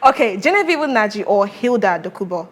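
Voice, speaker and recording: A young woman hosting a talk show, lively and often laughing between questions. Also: mid-range voice, brisk. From Nigeria. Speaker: host.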